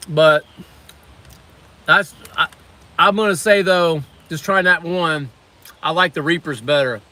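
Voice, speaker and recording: Bright-voiced chatty livestream host. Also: male voice, high-pitched. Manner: rambling, chatty, reads comments aloud. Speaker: livestream host reviewing snacks. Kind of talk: casual livestream chat. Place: on lunch break at a waterfront work site.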